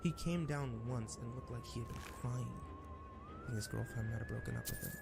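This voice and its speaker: A man voicing a disturbed teenager reading out a diary in a horror story, his voice trembling and breaking into shouts and whispers. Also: mid-range voice, fairly quick, creaky, loud music behind the voice, natural voice. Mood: uneasy. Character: disturbed teenage diarist haunted by a book.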